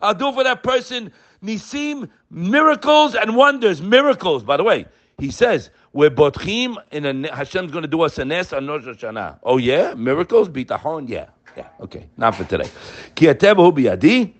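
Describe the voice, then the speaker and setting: High, animated older male preacher. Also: highs cut off. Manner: impassioned, emphatic, fond of rhetorical questions. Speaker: religious teacher. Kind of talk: sermon.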